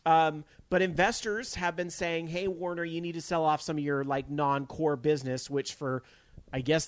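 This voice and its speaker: A man's voice: on the high side, fairly bright tone, dry recording. A man hosting a gaming news stream, talking casually and rambling with fillers and restarts. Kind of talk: casual chat. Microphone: studio microphone.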